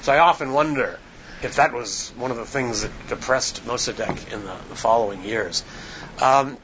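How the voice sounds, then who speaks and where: A man, an author on a panel, telling a history story in a lecture style, halting often with ums and restarts. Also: mid-range voice, a bit bright, highs cut off, a little hiss or hum.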